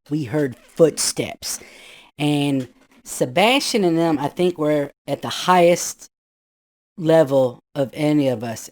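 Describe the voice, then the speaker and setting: A man in his fifties telling a spooky true story in a loose, rambling way, full of "you know" asides, sometimes shouting out what others said. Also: a little high. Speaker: guest storyteller. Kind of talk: casual spoken ghost story.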